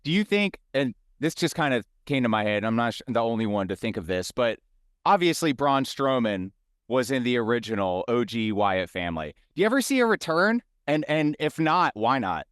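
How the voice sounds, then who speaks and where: Lively, hyped male podcast host. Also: medium pitch, moderate pace, smooth, no room sound, studio quality. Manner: hyped, showman-like. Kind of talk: casual podcast hosting.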